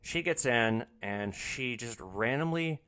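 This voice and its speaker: A man's voice: mid-range voice, animated, slow pace, pushed and bright, smooth. A man hosting a podcast, telling his rideshare stories in a casual, sarcastic, blunt way. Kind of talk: casual storytelling.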